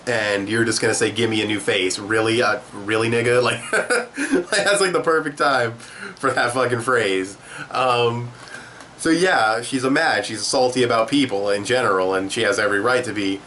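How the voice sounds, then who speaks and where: A man's voice: medium pitch, moderate pace, bright, forceful tone, a little hiss or hum. A young man giving a casual spoken comic review, loose and profane, acting out quotes as he goes.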